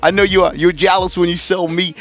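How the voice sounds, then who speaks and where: A man's voice: high voice, little pitch movement, a little fast, fairly bright tone. A man hosting a live radio talk show from a studio, teasing and laughing with his guests.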